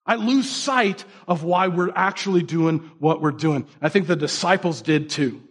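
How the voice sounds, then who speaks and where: A man's voice: fairly high pitch, moderate pace, a bit bright, husky. A man giving a casual, conversational sermon, acting out quoted voices with many fillers. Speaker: pastor.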